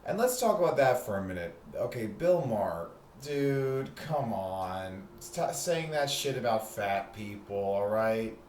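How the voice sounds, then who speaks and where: A man's voice: mid-range voice, sing-song, measured pace, hardly any pauses, a little mellow. A man hosting a heated, profane, sarcastic ranting monologue. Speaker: host. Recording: echoey room with faint noise.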